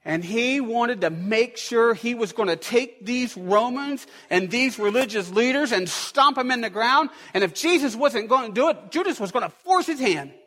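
A man with a strikingly high voice preaches to his congregation, his pitch swinging up and down as he builds his points. His emphatic, repeated phrases roll out into the long echo of a large church hall. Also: lively intonation, normal speed, hardly any pauses, a bit bright. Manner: emphatic, repetitive preaching cadence. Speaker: pastor. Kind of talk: sermon. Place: church sanctuary.

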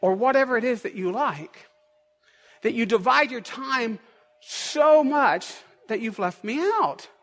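A pastor with a strikingly high voice delivers a sermon in a church sanctuary, his lively pitch rising and falling as he builds each point at a measured pace. His tone is fairly bright, and his emphatic, repetitive preaching cadence echoes through the large hall.

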